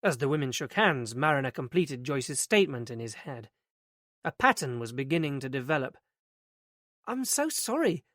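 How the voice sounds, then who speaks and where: A man narrating a mystery audiobook in an even, steady reading voice. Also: medium pitch, fairly quick, dry recording, clean studio sound. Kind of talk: scripted narration.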